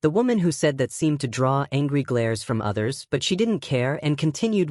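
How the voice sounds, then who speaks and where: A man reads a first-person tale in a steady, wry voice, pitched in the middle for a man. The sound is close and dry, with no room behind it. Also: normal speed, few pauses, no echo. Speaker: narrator. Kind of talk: first-person story narration.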